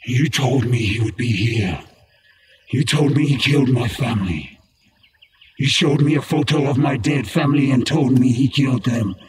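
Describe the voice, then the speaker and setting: An actor playing a grim, vengeful male ninja warrior, stiff and deadpan in a comedic fan film. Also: mid-range voice, roomy sound, recorded from a distance, a little hiss or hum, close to an everyday voice. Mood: aggrieved. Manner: slow, stiff, deadpan delivery.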